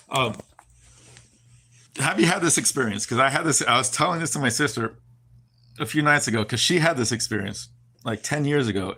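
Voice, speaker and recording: A man chatting to his stream audience, wandering off into asides and circling back to his story. He swears freely and keeps restarting his sentences. His voice sits at an ordinary middle pitch for a man. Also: sharp tone, husky. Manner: rambling, profane, many restarts and asides. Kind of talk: casual storytelling to a live chat.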